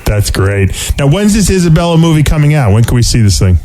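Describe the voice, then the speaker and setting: A man's voice: fairly high pitch, sing-song, quick pace, mellow. A man hosting a radio interview, affirming his guest and asking short questions. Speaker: radio show host.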